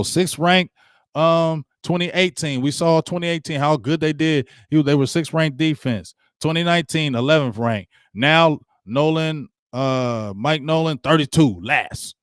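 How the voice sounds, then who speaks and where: Dude ranting about football on his own show, slangy, dry close mic, voice climbs when he gets heated. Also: no echo. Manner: animated, slangy, repeats himself, rises in pitch when fired up. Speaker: sports talk show host. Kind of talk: casual solo sports commentary.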